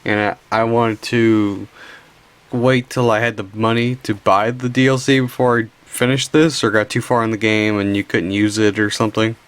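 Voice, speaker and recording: A man's voice: fairly low pitch, level tone, normal speed, clean tone. A tired young man casually showing his game collection, rambling with restarts and stifled yawns while filming. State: sleepy. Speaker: collection video host. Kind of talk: casual show-and-tell narration.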